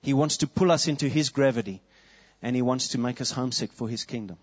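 A man's voice: mid-range voice, quick pace, slightly rough, dull audio. A man preaching a sermon as a pastor, earnest, quoting prayers and his children.

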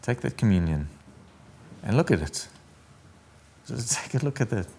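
A man's voice: fairly low pitch, very animated, normal speed, creaky, darkish tone, a little hiss or hum. A man preaching a sermon as pastor, earnest and intimate, often dropping his voice almost to a whisper.

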